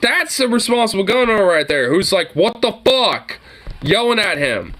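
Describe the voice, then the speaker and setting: A man talking casually over the videos he reacts to, his pitch leaping and dropping as he gets worked up. He swears freely and laughs at the clips. His voice sits fairly high for a man. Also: very animated, brisk, sharp tone.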